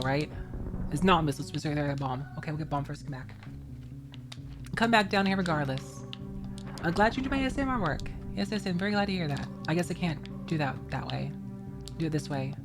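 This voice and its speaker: A woman streamer chatting casually while playing a game, laughing often and thanking viewers from chat. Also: lowish voice.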